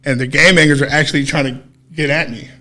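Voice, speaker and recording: A man co-hosting a podcast, casually telling a story in an animated way, swearing freely and acting out what people said. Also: fairly high pitch, fast talker. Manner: animated, swears freely, acts out quoted dialogue. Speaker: podcast co-host.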